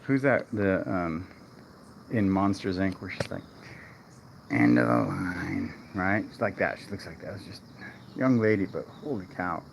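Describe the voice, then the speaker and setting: A man's voice: sits low, moderate pace, noisy background. A man working as a real estate agent, chatting and rambling to himself in a casual livestream while going door to door outdoors, recorded on a mobile phone. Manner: chatty, rambling, talks to himself between doors. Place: outdoors on residential streets.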